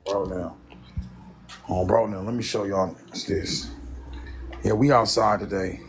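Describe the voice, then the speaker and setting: A man hosting a livestream, talking in a blunt, profane, animated rant. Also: fairly low pitch, unhurried, background noise. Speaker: livestream host. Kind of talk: casual ranting livestream.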